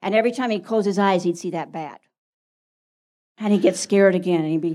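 A woman's voice: medium pitch, a little fast, warm tone. A woman telling a story at a church talk, acting out the voices and laughing often.

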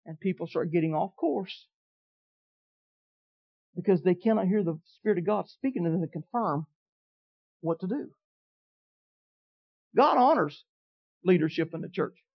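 A man preaching a sermon as pastor, telling stories in a folksy way and swinging from quiet to loud. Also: sits high, animated, measured pace, vocal fry, long pauses, slightly rough. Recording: dull lo-fi recording.

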